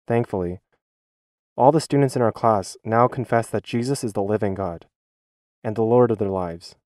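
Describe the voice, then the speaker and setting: Earnest male voice-over, low and mellow, dry close sound, reading a teacher's church testimony. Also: moderate pace, dry recording. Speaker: schoolteacher giving a church testimony.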